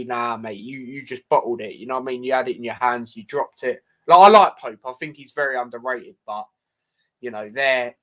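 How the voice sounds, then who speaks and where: With a medium-pitched, slightly bright voice, the young football podcast host chats through predictions in a loose, filler-heavy way. Asides are frequent, as is his habit of asking "do you know what I mean."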